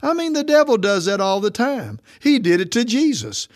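A man preaching a sermon, emphatic and declaring, often slowing down to stress his words. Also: high-pitched, huge pitch swings.

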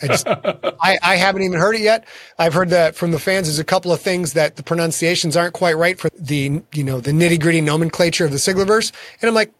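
A man's voice: on the high side, fast, a bit bright, dry recording. A man, a guest author in a casual interview, telling frank and self-deprecating stories about his work.

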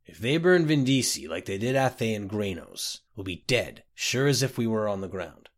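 A man voicing a nervous, earnest male clerk, pitched higher and louder than his narrating voice. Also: lively intonation, normal speed, close to an everyday voice.

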